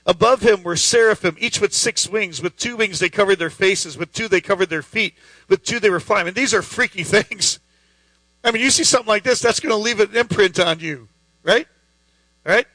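A man's voice: high voice, moderate pace, sharp tone, no room sound, low-quality recording. A man preaching a sermon in an emphatic, conversational way, full of rhetorical questions.

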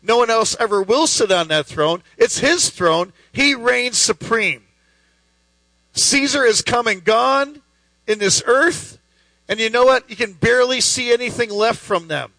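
High bright-voiced male preacher. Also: a little slow, dry recording, low-quality recording. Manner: emphatic, conversational, rhetorical questions. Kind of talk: sermon.

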